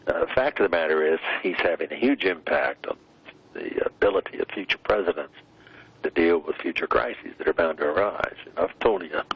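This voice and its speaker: Gravelly low-voiced older man, halting. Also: animated, lo-fi sound. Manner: measured, deliberate, many hesitant "uh" pauses. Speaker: interview guest, former vice president. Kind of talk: broadcast interview commentary.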